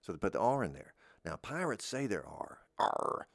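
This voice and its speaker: A middle-aged man with a Southern American accent, hosting a rambling comedic monologue in a deadpan, meandering way and drifting into goofy voices. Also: fairly low pitch, moderate pace, gravelly, no echo, studio quality. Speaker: podcast host.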